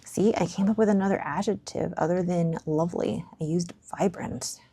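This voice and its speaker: A woman's voice: on the low side, normal speed, dark tone, slightly rough. A young woman chatting casually as she reviews and swats fountain pen inks, musing aloud and sometimes dropping to a near whisper. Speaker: stationery vlogger. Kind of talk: casual ink swatch review.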